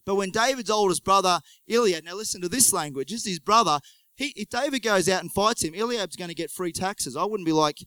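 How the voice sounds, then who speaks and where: High, smooth-voiced male preacher. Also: fairly quick, dry recording, poor audio. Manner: animated storytelling with joking asides. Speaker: pastor. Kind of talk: conversational sermon.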